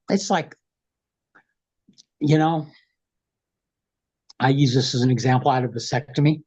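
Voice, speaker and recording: Husky man telling wild stories. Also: a little high, moderate pace, pauses often, lo-fi sound. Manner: frank, rambling, profane, animated retelling. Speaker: guest. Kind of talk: casual storytelling interview. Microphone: video call.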